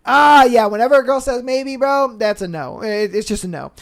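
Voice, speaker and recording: A man's voice: very high-pitched, expressive, moderate pace. Laid-back slangy young man. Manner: slangy and laid-back, heavy with fillers like "bro" and "you know". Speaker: podcast host. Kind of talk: casual chat, reading listener stories aloud.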